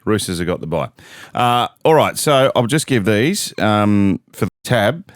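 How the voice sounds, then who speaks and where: A middle-aged Australian man hosting a casual sports chat, briskly running through team news and odds. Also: fairly low pitch, expressive, no room sound, studio quality. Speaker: sports podcast host.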